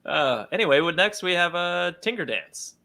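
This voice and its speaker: A man's voice: high voice, expressive, normal speed, vocal fry, sharp tone. A man co-hosting a casual podcast, recapping scenes in a rambling way. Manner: rambling recaps with acted-out quotes. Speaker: podcast co-host. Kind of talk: casual chat.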